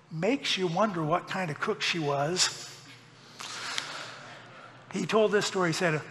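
Man preaching, high voice, folksy humor, echoing church hall. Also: fairly bright tone. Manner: folksy, joking asides. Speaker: pastor. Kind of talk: sermon.

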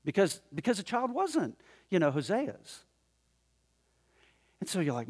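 A man preaching a sermon in a conversational, animated way, often chuckling as he talks to the congregation in the room. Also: high-pitched, normal speed, breathy edge. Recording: long hall reverb.

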